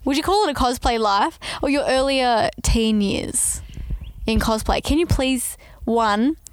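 A woman's voice: a little high, unhurried, smooth. A woman hosting a casual podcast chat, enthusiastic and chatty. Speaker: podcast host.

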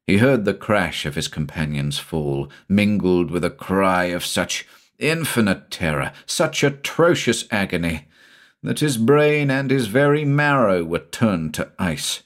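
A man with a deep, low voice narrates a horror story. His reading is dramatic and expressive, rising and falling widely to build dread. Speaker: audiobook narrator. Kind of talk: scripted narration.

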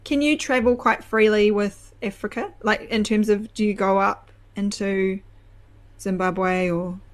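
A woman's voice: mid-range voice, fairly even intonation, a little slow. A young woman with a New Zealand accent chats easily, her voice sitting in a middle register. She drifts through stories with plenty of ums and restarts and laughs often. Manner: chatty, laughs often, many fillers and restarts. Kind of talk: casual chat.

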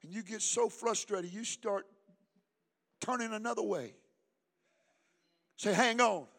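An older male pastor, preaching a sermon with call-and-response, swinging from hushed talk to shouting. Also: sits high, slow, creaky.

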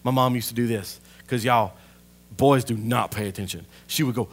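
A pastor in full sermon mode. The man builds to loud, fervent peaks, then sinks to a soft, close aside. His pitch sits at a plain middle height. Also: moderate pace, vocal fry. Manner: impassioned preaching that swells loud, then drops to a hushed aside.

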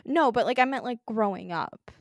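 A woman's voice: on the high side, lively intonation, moderate pace, dry recording, studio quality. A woman co-hosting a podcast in casual chat, giggly and emotional, laughing often. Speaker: podcast co-host.

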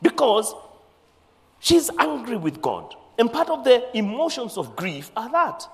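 Male preacher, high-pitched and expressive, sermon in a big echoing hall. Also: unhurried. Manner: animated, acts out scripture voices, mixes in Swahili phrases. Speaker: bishop preaching. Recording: long hall reverb.

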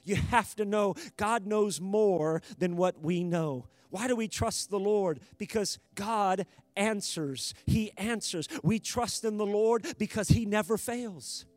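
A man with a high voice preaches a sermon with forceful emphasis. He builds to loud calls to the congregation. The sound is close and dry. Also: takes it slowly, no echo. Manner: emphatic, rising to loud exhortation.

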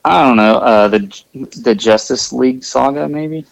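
A man co-hosting a casual movie watch-along podcast, easygoing and quick to laugh, sharing film trivia. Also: mid-range voice, gravelly, dry recording, poor audio. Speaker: podcast co-host.

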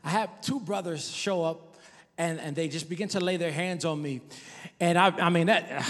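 A middle-aged male pastor delivers a testimonial sermon, moving between hushed storytelling and emphatic exhortation. His voice sits fairly high for a man. The sound carries a long reverb, as in a large church hall. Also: moderate pace. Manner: testimonial preaching, shifting from soft to emphatic.

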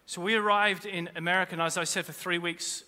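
A man's voice: sits high, steady tone, brisk, sharp tone. A man, a pastor, preaching a sermon in earnest, repeating key phrases for weight. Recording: long reverb of a large hall.

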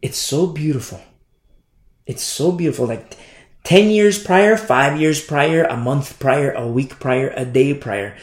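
A man's voice: on the high side, measured pace, echoey room. A man preaching a sermon in an emphatic way, repeating phrases and often asking "you see?".

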